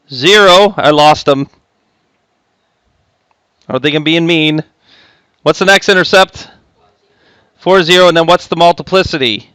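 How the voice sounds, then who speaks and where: A man with a somewhat high voice walks a class through a math lesson. He talks in a chatty way, cuts himself off, and tosses in jokey asides. The sound is dry and close, with no room echo. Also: bright, forceful tone, clean tone. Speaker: math teacher. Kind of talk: recorded classroom lecture.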